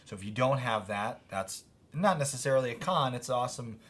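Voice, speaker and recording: A man from Connecticut co-hosting a homestead podcast, talking casually with lively stress and frequent laughs. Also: medium pitch, husky. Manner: animated, laughs often, drawn-out emphasis. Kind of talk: casual chat.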